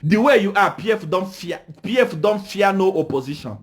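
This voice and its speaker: A Zambian man ranting on a livestream, who scolds his listeners, fires off rhetorical questions and keeps saying "Eh?", and sometimes shouts. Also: high-pitched, expressive, normal speed. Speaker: political commentator. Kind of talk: livestream rant.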